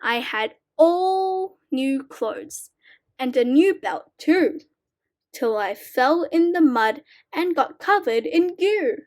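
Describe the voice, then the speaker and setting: A woman slowly reading short children's poems aloud as a reading teacher, in a deliberate sing-song way. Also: high-pitched, expressive, darkish tone.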